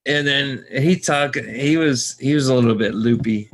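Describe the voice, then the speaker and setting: A man co-hosting a podcast, telling a rambling anecdote in casual chat and acting out the people he quotes. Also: normal speed. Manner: rambling anecdotes, acts out quoted voices higher. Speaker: podcast co-host.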